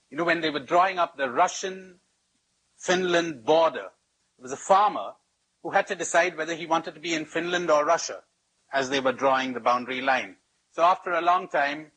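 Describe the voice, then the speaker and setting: Husky guy teaching a workshop, slightly high voice, lots of stories and repeated lines. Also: a bit bright, low-quality recording. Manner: storytelling with rhetorical repetition and humor. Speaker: spiritual teacher. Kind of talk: workshop talk.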